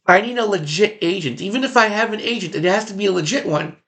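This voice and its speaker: Gravelly-voiced man reminiscing. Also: high voice, fast, fairly bright tone. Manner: rambling, repeats phrases for emphasis. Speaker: former background extra. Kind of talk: casual personal reminiscence.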